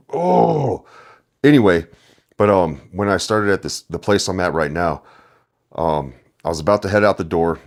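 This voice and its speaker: Young guy ranting on his podcast, real low voice, swears constantly, rambly. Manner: profane, rambling storyteller. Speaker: podcast host, delivery driver. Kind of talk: casual podcast monologue.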